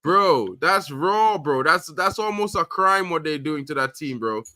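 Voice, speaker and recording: A man streaming casual football chat, animated and slangy, calling everyone bro. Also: on the high side, a little slow, no echo. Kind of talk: casual live commentary.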